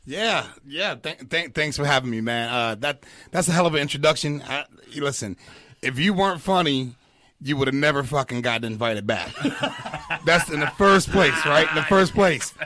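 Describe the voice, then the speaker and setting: An animated man in his forties, a stand-up comic guesting on a podcast, talks with a slightly raised pitch and swears freely. He laughs often and repeats his words as he goes. The sound is dry and close to the mic. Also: normal speed, dry recording. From Pittsburgh area. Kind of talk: casual chat.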